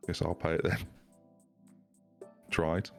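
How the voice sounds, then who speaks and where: A man's voice: low voice, level tone, slow, creaky, faint music behind. A man streaming a football management game with friends, teasing them in dry, mock-insistent banter. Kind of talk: casual gaming stream banter.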